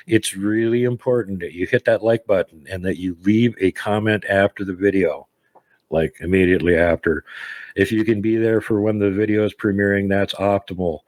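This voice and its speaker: Host: American man with a low voice, rambling and self-deprecating, dry close sound. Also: a little mellow, no echo. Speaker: podcast host. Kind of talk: casual chat.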